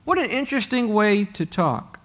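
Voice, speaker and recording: A man's voice: high voice, expressive, moderate pace, fairly bright tone. A man preaching a sermon to a congregation, reading scripture aloud and asking rhetorical questions in a conversational way. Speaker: pastor.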